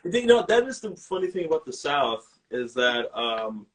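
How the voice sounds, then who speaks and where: A host with a New York accent who tells animated, joking stories in a casual interview chat. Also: mid-range voice, normal speed, low-quality recording.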